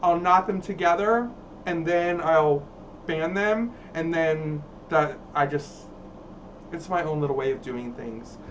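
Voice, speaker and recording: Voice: medium pitch, recorded from a distance, a little hiss or hum. A livestream host, reading viewer chat in a sassy, dramatic, campy way.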